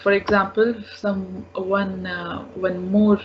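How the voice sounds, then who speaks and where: Slow, patient woman teaching French. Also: medium pitch, flat delivery, noisy background. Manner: patient, repeats each word several times. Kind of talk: slow language lesson. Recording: dull lo-fi recording.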